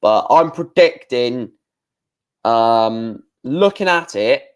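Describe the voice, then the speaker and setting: A man's voice: mid-range voice, animated, slow pace, clean tone. Rambling man streaming live. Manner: rambling, thinking aloud with fillers. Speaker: darts live stream host. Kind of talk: casual live stream commentary.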